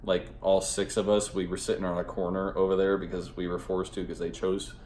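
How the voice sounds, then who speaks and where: A man's voice: low-pitched, little pitch movement, a little fast, a little mellow, roomy sound, slight background noise. A man giving a casual spoken movie review, rambling and profane, with lots of filler words.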